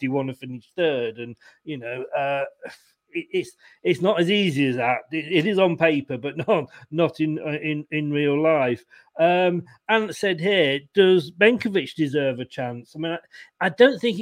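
A man hosting a casual football fan show, chatting and reading out viewer comments with stumbling restarts and easy laughter. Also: on the high side. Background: home setting.

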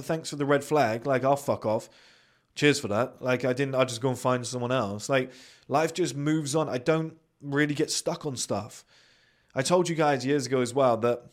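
A British-accented man delivers a blunt, profanity-laced motivational talk as a podcast host. He swears freely and slips into quick put-on voices when quoting people. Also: mid-range voice. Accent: British English. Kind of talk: motivational monologue.

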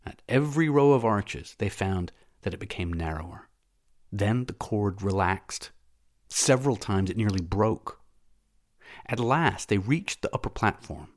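Audiobook narrator, male, lower register, measured and steady delivery. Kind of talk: audiobook narration of a classic novel.

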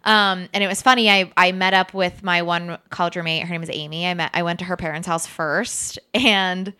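A woman's voice: fairly low pitch, steady tone, fairly quick, bright, forceful tone, clean tone. A woman in her twenties, co-hosting a podcast and telling a story in casual chat, full of "like" and the odd swear. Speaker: podcast co-host.

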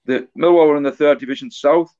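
A man in his forties tells a story as an interview guest, stopping and restarting, doubling words as he gathers his thoughts. His pitch stays flat and barely moves. The recording sounds dull and lo-fi. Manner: halting, often repeats words and restarts. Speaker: author guest.

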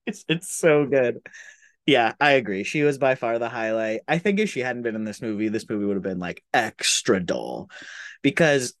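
A woman from the Pacific Northwest co-hosting a podcast in casual chat, animated and laughing often. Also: very deep voice, moderate pace, no room sound. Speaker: podcast co-host.

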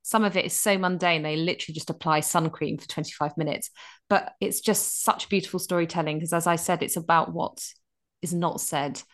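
A woman in her thirties co-hosting a casual radio chat, reviewing a film with animated, restart-filled storytelling. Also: on the low side, fairly quick. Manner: chatty, animated, many restarts. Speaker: radio co-host.

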